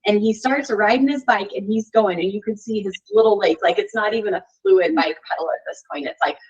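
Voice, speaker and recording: A woman guest on a podcast tells a story in a loose, chatty way, scattering "like" and "you know" through her sentences. Her voice has a husky, slightly breathy edge at an ordinary middle pitch. The recording is dull and lo-fi, with the top end muffled. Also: fairly quick. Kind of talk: casual interview chat.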